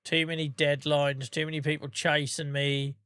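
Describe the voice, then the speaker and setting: A man chatting casually on a gaming livestream, calling viewers by name and humming little tunes between remarks. His voice is bright and forward, and it sounds dry and close. He sounds relaxed. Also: fairly high pitch, moderate pace, smooth, dry recording. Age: adult with a day job. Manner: chatty, talks to viewers by name, hums to himself. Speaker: streamer.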